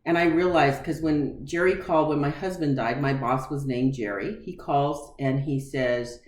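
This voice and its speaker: A woman in her forties speaks at an extremely low pitch and a moderate pace, hardly pausing, in a reverberant room at home. She candidly and emotionally relates a personal story, acting out the conversations she recalls in lively quoted dialogue.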